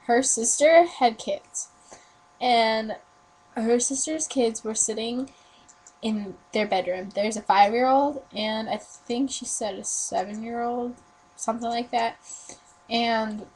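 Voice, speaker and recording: A woman's voice: fairly high pitch, fairly even intonation, measured pace, a little mellow, rough recording. A teenage girl telling a ghost story in a casual webcam video reply, rambling with lots of fillers and self-corrections. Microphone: webcam mic.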